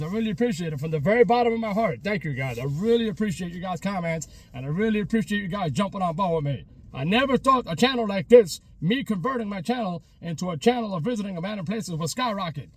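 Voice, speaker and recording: Emotional New York vlogger, male, fairly high and husky voice, gushing thanks near tears. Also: no echo. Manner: emotional, repetitive, on the verge of tears. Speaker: vlogger exploring abandoned places. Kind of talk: heartfelt thank-you to viewers. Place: outdoors by an abandoned restaurant.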